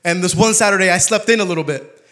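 A young man preaching a sermon, telling stories with humor and turning soft and emotional. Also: high-pitched, fast talker.

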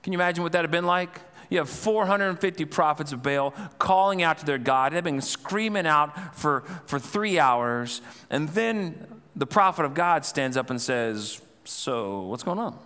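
Brief: male pastor, fairly high voice, lively storytelling sermon, long church reverb. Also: moderate pace, few pauses, smooth. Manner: animated storytelling, dramatizes scripture. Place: church sanctuary.

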